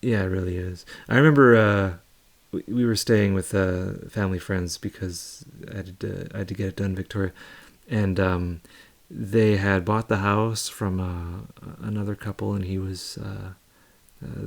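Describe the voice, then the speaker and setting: A young man chats casually on a live stream, his voice sitting low and rough with vocal fry. He wanders through his story loosely, with plenty of fillers and restarts. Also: fairly even intonation, normal speed.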